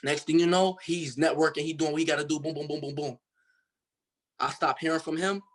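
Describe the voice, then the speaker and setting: A man's voice: a little high, steady tone, fairly quick. A young man from Cincinnati, Ohio, telling his story as a guest in a casual interview, in a loose, slangy way full of fillers. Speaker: guest artist.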